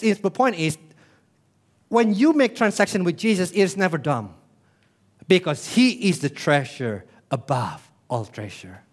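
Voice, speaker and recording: A high-pitched male pastor preaches a sermon in a church. He's animated, tossing out rhetorical questions and suddenly dropping to a hush.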